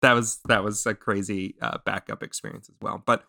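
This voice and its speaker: A man's voice: fairly low pitch, steady tone, fairly quick, creaky, sharp tone, no room sound, clean studio sound. A man hosting a podcast, chatting casually and telling stories with many restarts and fillers. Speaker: podcast host.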